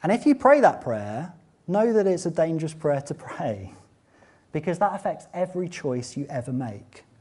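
A man preaching a sermon, swinging between loud, fervent exclamations and quiet, conversational asides. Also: a little high, very animated, normal speed, breathy edge. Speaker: pastor.

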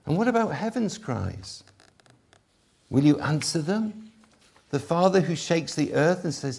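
A man preaching an Easter sermon, emphatic and swinging between loud and hushed delivery. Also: fairly high pitch, lively intonation, unhurried, gravelly, slightly rough. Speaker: pastor.

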